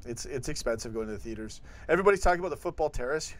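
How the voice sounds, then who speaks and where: A man's voice: medium pitch, expressive, racing. Chatty Canadian man hosting a live stream. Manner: chatty, reads out donations and chat. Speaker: host. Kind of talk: live-stream football chat.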